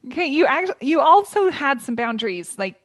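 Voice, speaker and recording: A woman's voice: sits high, sing-song, normal speed, no echo, clean studio sound. A woman hosting a podcast conversation, affirming her guest often and laughing along with her. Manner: supportive listener, frequent affirmations, laughs along. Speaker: podcast host.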